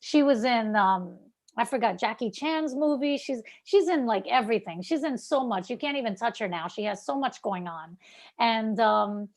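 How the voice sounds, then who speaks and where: A woman with a Brooklyn accent coaches an actor over a video call. Her voice sits a little high, and she talks in an animated, chatty way with plenty of "like" and "um". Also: moderate pace. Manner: animated, chatty, many fillers like "like" and "um". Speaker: acting coach. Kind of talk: coaching feedback.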